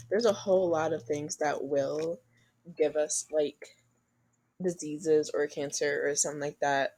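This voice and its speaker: Lively, laughing young woman podcaster. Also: low voice, rough recording. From United States. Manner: animated, laughs often, slips into joking put-on voices. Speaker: podcast co-host. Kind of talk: casual chat.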